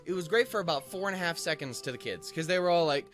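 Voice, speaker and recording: Young male host, slightly high voice, profane self-mocking storyteller, faint music in background. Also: expressive, fast, fairly bright tone. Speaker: host reading a visual novel. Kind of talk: casual rambling storytelling.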